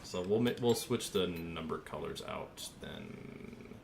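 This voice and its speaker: Deep and creaky, a young streamer's voice moves slowly with lively intonation as he jokes with his chat over a paint-scheme design. He's goofy and easily amused, and a little hiss or hum can be heard.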